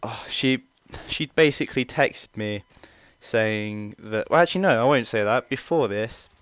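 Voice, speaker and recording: Chatty young man, very clear voice. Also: mid-range voice, measured pace, a bit bright, no room sound. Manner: rambling, chatty, swears freely, many fillers. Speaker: vlogger. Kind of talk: casual storytelling.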